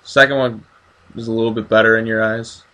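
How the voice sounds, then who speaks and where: A man's voice: fairly low pitch, little pitch movement, brisk, pushed and bright. A man hosting a casual horror movie review, enthusiastic and asking his co-hosts questions. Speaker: host of a horror review channel.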